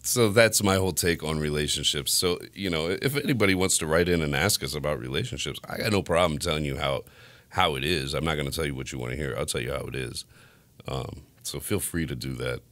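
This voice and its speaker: A man's voice: rumbling low, brisk, a bit bright, no room sound. A man hosting a podcast in casual chat, telling stories bluntly with lots of swearing. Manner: profane, blunt storytelling with frequent laughs. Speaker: podcast host.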